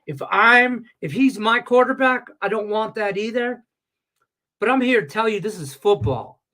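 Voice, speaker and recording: Guy ranting about his bets, swearing a lot, stuffy congested voice, kinda high pitched. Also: normal speed. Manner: profane, ranting, heated and animated. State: congested sinuses. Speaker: sports betting handicapper. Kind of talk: casual sports betting talk show rant. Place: Las Vegas.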